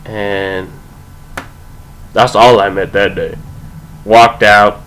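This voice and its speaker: A man's voice: lowish voice, fairly even intonation, drawn-out words, a bit bright, a little hiss or hum, low-quality recording. A young man casually telling a rambling, profane story, full of "like" and "you know".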